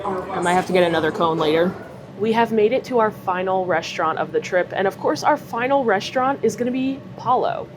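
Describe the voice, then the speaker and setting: Hosting a laid-back food vlog, this woman speaks at medium pitch with a brisk delivery, staying chatty and cheerful as she tries dishes. Behind her, passengers chatter on a cruise ship.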